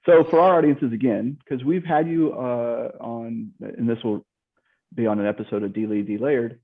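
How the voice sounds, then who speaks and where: A man's voice: medium pitch, fairly even intonation, moderate pace. A man with a Midwestern American accent, a podcast host chatting casually and laughing easily over a video call. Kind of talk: casual interview chat. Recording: thin phone-like video-call audio.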